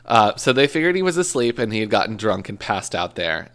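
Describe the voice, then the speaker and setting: A man with a low, gravelly voice narrates a true crime case in casual conversation. He jokes, swears now and then, and corrects himself as he goes. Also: big pitch swings, fairly quick, a bit bright. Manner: joking storyteller, swears, self-corrects. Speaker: podcast co-host telling a true crime case. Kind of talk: casual chat.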